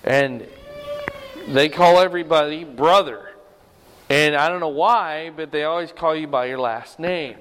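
An older man preaches in a folksy, conversational manner, telling stories and putting questions to his congregation. His voice sits on the high side, a bit bright, clear, and resonant, and he speaks a little slowly under long hall reverb.

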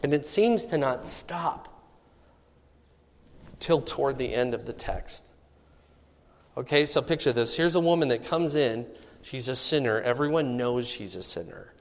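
A man's voice: medium pitch, expressive, unhurried, long pauses, in a large hall. A man teaching a Bible study in a conversational way, often checking in with the listeners.

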